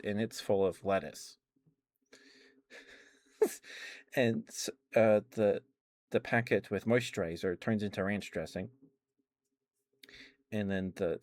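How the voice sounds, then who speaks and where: A man's voice: on the low side, a little mellow. A man telling a long dream story on an ASMR stream, rambling, laughing often and greeting his chat on a close mic. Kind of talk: soft-spoken chatty storytelling stream.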